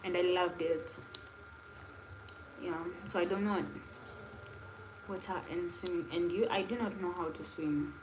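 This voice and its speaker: A woman's voice: fairly low pitch, steady tone, measured pace, long pauses. A young woman from Kenya with a Kenyan accent, chatting casually and rambling to viewers on her live stream. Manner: chatty, rambling, laughing asides. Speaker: livestreamer. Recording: echoey room with faint noise.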